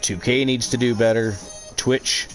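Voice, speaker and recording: A man hosting a wrestling video game livestream, with casual, excitable commentary. He throws in mock announcer lines and crude jokes. Faint music runs quietly behind him. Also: medium pitch, measured pace. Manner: excitable, jokey, swears freely, announcer-style flourishes. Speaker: stream host and commentator.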